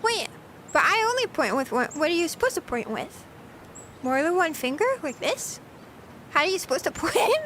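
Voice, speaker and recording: A woman's voice: sits high, very animated, moderate pace, fairly bright tone, slight background noise. A woman streamer chatting casually with her live chat, giggly and talkative, answering questions as she goes.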